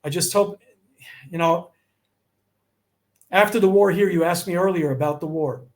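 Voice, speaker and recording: At normal speed and with a voice that sits high, a middle-aged US man tells stories in conversation as an interview guest. He's animated and acts out the lines people said in his anecdotes.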